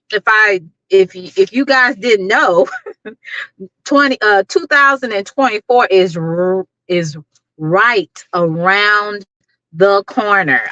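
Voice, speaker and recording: Bright-voiced woman chatting on a livestream. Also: mid-range voice, no room sound, lo-fi sound. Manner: chatty, greets viewers by name, many fillers. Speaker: YouTube livestream host. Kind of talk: casual livestream chat.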